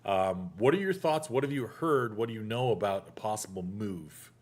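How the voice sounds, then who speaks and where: A man hosting a casual chat show, telling a story in a lively way and acting out the voices he quotes. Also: lowish voice, normal speed. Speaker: podcast host.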